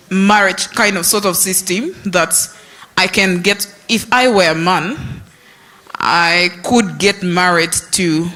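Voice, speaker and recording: A woman's voice: mid-range voice, sharp tone. A woman from Uganda, speaking hesitantly from the audience at a summit. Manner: hesitant, halting. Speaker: summit participant.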